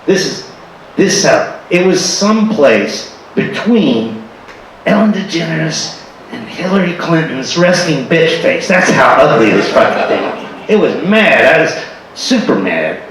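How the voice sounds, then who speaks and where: A man from Florida telling comic stories on stage in an animated, exaggerated, playful way. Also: on the high side, unhurried. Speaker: performer. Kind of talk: stand-up storytelling. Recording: echoey hall from far off with faint noise.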